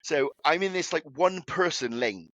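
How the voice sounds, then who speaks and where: A man's voice: a little high, normal speed, dry recording, muffled recording. A young man telling a story in casual chat, swearing freely as he talks. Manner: swears a lot, animated anecdote telling. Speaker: podcast co-host.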